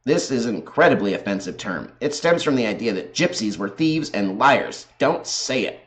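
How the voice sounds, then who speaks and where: A man with a lowish voice rants at his viewers in combative commentary. He is sarcastic and swears constantly as he argues his points. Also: sing-song, moderate pace, fairly bright tone. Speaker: video host. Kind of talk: profane ranting commentary.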